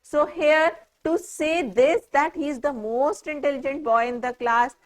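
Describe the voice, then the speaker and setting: A woman's voice: high-pitched, unhurried. A woman with an Indian English accent explaining a grammar lesson, patiently spelling out words letter by letter and checking understanding with "right?". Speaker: teacher.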